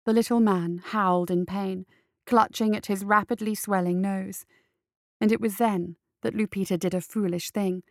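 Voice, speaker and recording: Woman narrator, low and gravelly, steady storybook reading, close dry sound. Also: moderate pace, no echo. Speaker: audiobook narrator. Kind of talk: scripted narration.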